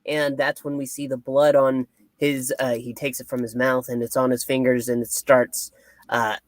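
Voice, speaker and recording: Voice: medium pitch, no room sound. A reviewer talking through a movie in casual chat, playfully asking and answering their own questions.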